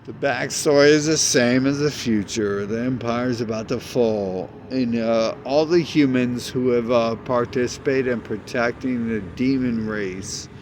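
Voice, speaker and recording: A man's voice: mid-range voice, a little slow, hardly any pauses, noisy background. A man in a rambling, agitated monologue, cursing often and jumping between ideas.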